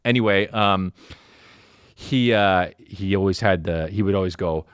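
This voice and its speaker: A man in his thirties hosting a podcast, ranting through a comic story with lots of swearing and sudden jumps into silly high voices. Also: normal speed, no room sound, studio quality. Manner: animated storytelling, profane, jumps into mock voices and high sung syllables. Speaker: podcast host. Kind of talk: comedic rant.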